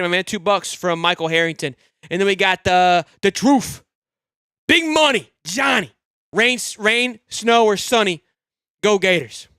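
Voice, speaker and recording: A young man hosting a live fan sports show, excitable and rambling, swearing freely and swinging from loud hype to low grumbling. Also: clear, resonant tone, dry recording, clean studio sound. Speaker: sports podcast host.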